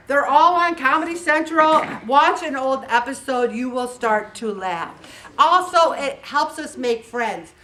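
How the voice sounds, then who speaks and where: A middle-aged woman giving a casual motivational talk to a faith group, animated and laughing often as she tells stories. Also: high-pitched, distant mic, a little hiss or hum.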